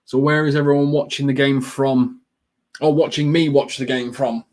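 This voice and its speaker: Man, football watchalong host, casual rambling chat, lots of ums, sudden excited outbursts, medium pitch. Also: moderate pace. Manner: chatty and rambling, with frequent ums; excited bursts at goalmouth action. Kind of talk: casual live match chat with viewers.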